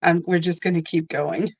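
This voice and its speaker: Gravelly-voiced woman, chatty tarot host. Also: fairly low pitch, no room sound, muffled recording. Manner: chatty and rambling, with many asides. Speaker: tarot reader hosting a live stream. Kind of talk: casual live-stream chat.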